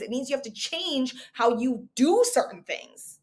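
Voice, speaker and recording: A woman in her thirties coaching recruiters in a motivational market update. Her voice sits fairly high, and she talks with energy and emphasis, stacking rhetorical questions to drive each point home. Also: big pitch swings, a little slow, darkish tone.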